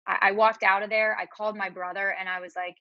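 A woman speaks haltingly and tearfully as a podcast guest. Her voice is mid-pitched and the sound is dry and a little dull. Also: level tone, no room sound. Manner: tearful, halting, with many fillers and restarts. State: crying at times. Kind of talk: emotional personal conversation.

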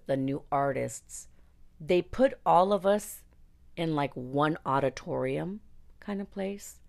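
Woman, low gravelly voice, blunt and outspoken, candid storyteller, swears freely. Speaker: singer recounting her career.

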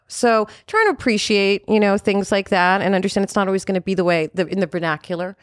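A woman's voice: mid-range voice, fairly even intonation, fast, hardly any pauses, no echo, clean studio sound. A woman in her fifties hosting a podcast, talking frankly and animatedly, with frequent swearing. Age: 50s. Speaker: podcast host. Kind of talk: candid conversational chat.

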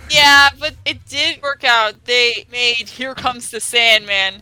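Female podcast co-host, high and very bright tone, playful and jokey. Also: slow pace, clear, resonant tone, no room sound. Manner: playful, jokey, many fillers. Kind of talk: casual album-review chat.

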